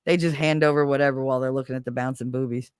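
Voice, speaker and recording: A woman hosting a casual stream chat, telling stories in an animated way and laughing often. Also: a bass voice, racing, clean tone, no echo, clean studio sound. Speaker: streamer host.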